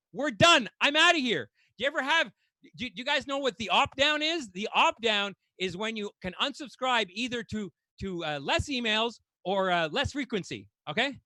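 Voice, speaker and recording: A man doing stand-up, with a very high, bright, forceful voice. He rants in exasperation and swears freely. The sound is dry and close. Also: dry recording. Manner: exasperated, ranting delivery; swears casually. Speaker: stand-up comedian. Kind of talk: stand-up comedy set.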